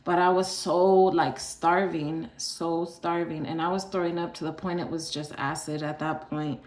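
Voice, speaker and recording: A woman's voice: low-pitched, fairly even intonation, moderate pace. Chatty woman telling her story, roomy sound. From Arizona. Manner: chatty, filler-heavy, sighs between thoughts. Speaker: vlogger sharing her illness story. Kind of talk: casual storytelling.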